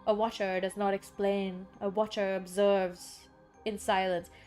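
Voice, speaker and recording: A woman voicing an ancient cosmic watcher, reading game lines in a grand, slow, formal manner. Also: medium pitch, level tone, darkish tone, faint music behind, lightly acted. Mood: solemn. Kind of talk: reading game dialogue aloud.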